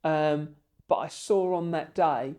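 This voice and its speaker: A man, a guest on a podcast, telling long stories in an animated and emotional way. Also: fairly high pitch, takes it slowly. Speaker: podcast guest, bricklaying tutor. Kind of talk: storytelling in a podcast interview.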